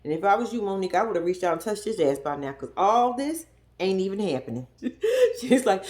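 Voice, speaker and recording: A woman recaps a reality show casually, bluntly and with plenty of profanity, telling it in an animated storytelling way. Her voice is medium-pitched and a little fast.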